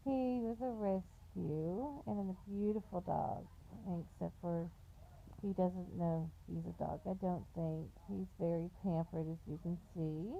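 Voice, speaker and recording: A woman's voice: fairly low pitch, unhurried, vocal fry, a little hiss or hum. A woman, chatty and doting, filming a casual video at home with a handheld camera. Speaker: pet owner vlogger. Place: at home with pets. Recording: dull home recording.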